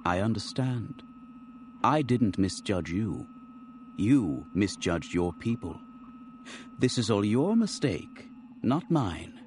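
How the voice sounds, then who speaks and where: A man doing a thin, shrill, nervous colonel. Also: sing-song, slow, pauses often, darkish tone, slight background noise. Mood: bitter. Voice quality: thin, fragile, going shrill. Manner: nervous, rising to shrill outbursts. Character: thin-voiced, panicky small plump male colonel.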